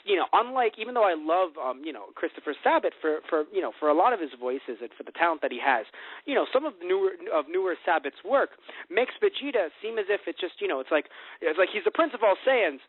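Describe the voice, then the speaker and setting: Animated, rambling man on a tinny line. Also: sits high, no room sound. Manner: animated and rambling, heavy on fillers. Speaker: podcast host. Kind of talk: casual chat. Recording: tinny phone-like dry sound.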